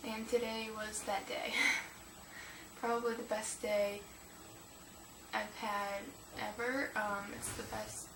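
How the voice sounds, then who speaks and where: A woman's voice: medium pitch, flat delivery, slow, long pauses. Teenage girl vlogging in an echoey room. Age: teens. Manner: rambling, emotional, with frequent laughs and fillers. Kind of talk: casual confessional vlog. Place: room at home. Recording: echoey room, distant mic, noisy.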